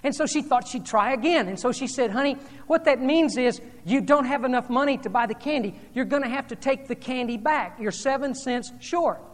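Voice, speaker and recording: A woman's voice: high-pitched, brisk, few pauses. Woman preaching a sermon in a hall. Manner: storytelling with rising intensity, then hushed. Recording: long hall reverb.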